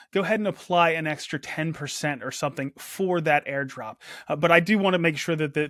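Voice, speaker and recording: A man hosting a casual weekly crypto news chat, running briskly through market figures. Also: on the high side, a bit bright, dry recording, clean studio sound. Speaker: host.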